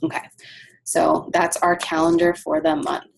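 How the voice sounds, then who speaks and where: Gravelly, chatty woman coach. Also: low voice, little pitch movement, unhurried, slight background noise. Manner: chatty, many ums and asides. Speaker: team coach leading a call. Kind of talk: casual team call.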